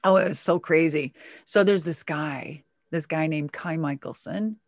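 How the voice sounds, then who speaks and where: A woman from Minnesota telling her life story casually in an interview, jumping up in pitch when she acts out what people said. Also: measured pace, no room sound, studio quality. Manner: animated, swings pitch for quoted voices. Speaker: guest.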